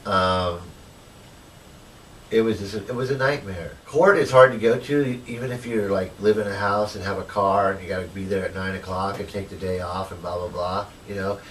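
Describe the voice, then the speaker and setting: Low-voiced man telling his story off-mic. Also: fairly even intonation, normal speed, fairly bright tone, distant mic, slight background noise, rough recording. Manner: rambling, full of "you know" and retold dialogue. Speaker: formerly homeless interviewee. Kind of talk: personal storytelling in an interview.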